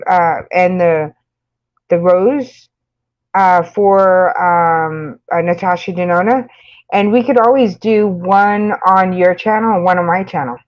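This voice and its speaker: Slow, chatty New York woman. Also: mid-range voice, lo-fi sound. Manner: rambling, chatty, laughs often, many fillers. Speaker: makeup channel host. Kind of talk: casual live-stream chat with viewers.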